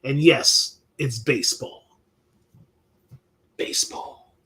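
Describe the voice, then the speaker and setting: A man's voice: a little high, normal speed, very noisy. A middle-aged man, hosting a loose live chat, reading viewer questions and talking sports with lots of swearing and restarts. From New York. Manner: laid-back, swears freely, many restarts and laughs. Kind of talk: casual live-stream chat.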